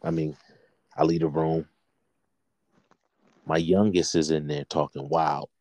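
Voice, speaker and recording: A man in his thirties telling a story in a casual, profane, animated chat, worked up and blunt. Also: very deep voice, unhurried, pauses often, no echo, studio quality.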